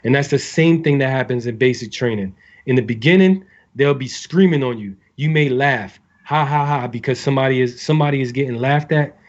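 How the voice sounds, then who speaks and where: Rambling sailor giving recruits advice. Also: male voice, medium pitch, a little fast, muffled recording. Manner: rambling, full of fillers and restarts. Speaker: navy sailor speaking to recruits. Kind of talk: casual advice talk.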